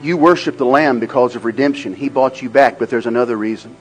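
A man preaching a sermon. He swings between loud, rhythmic, repeated phrases and a low, quiet storytelling tone, over faint music. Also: fast, low-quality recording. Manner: swells into loud, rhythmic repetition. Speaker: pastor.

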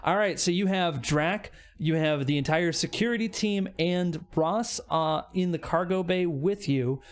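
A man's voice: sits high, measured pace, smooth. A man narrating as game master in a rambling, casual way full of fillers.

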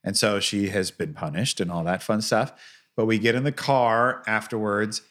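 Bright-voiced man telling family stories. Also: on the low side, moderate pace. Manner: animated, acts out quoted voices. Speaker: father. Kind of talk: casual chat, storytelling.

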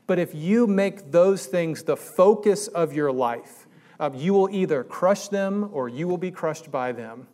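A man's voice: on the high side, lively intonation, measured pace, mellow. A man preaching a sermon in a conversational way that rises to emphatic peaks. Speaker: pastor.

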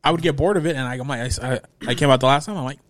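A man co-hosting a relaxed podcast about a film. He talks loosely, laughing and restarting his sentences as he goes. He is heard close on the mic with a dry sound. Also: medium pitch, racing, no room sound. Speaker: podcast co-host. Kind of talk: casual movie review chat.

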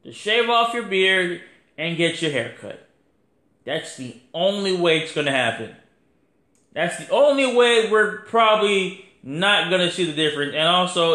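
Podcast host, man, slangy rambling talk, slow and sharp-toned. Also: on the high side, echoey room. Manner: slangy, rambling, filler-heavy. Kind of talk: casual wrestling review.

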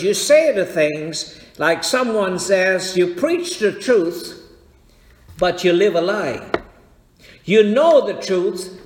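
A man preaching a sermon in a church, slow and deliberate, checking that his congregation follows. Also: high-pitched. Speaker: pastor. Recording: echoey hall with long reverb.

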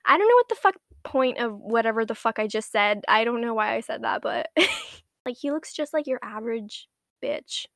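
A woman's voice: a little high, expressive, normal speed, a bit bright, no echo. Crude rambling young woman, close and dry. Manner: crude, self-mocking, rambling, swears constantly; drops into whispers for asides. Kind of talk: casual monologue to camera.

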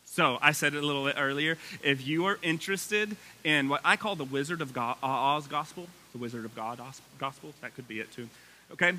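A male pastor preaching a sermon with energy, his voice climbing high when excited, with casual asides to the congregation. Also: slight background noise.

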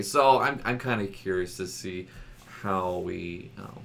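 Low-voiced rambling male podcast host. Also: unhurried, vocal fry, a bit bright. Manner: rambling, laughs often, many restarts. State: voice a bit rough from a loud night out. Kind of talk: casual chat.

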